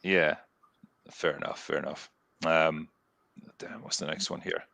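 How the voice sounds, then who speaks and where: Dry, bright-toned British man. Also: very deep voice, fairly even intonation, measured pace, vocal fry, no echo. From Britain. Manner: dry, wry, understated humor. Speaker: podcast host. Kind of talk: casual chat, reading viewer comments. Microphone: webcam video call.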